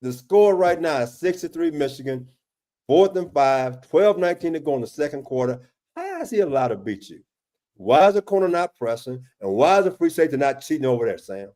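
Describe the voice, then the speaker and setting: Man in a casual football film breakdown, higher-pitched with a warm mellow tone, emphatic and exasperated, restarts often. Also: very animated, fairly quick. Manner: emphatic, exasperated questioning, often addresses co-host by name; frequent restarts and repeated words. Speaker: football defensive analyst.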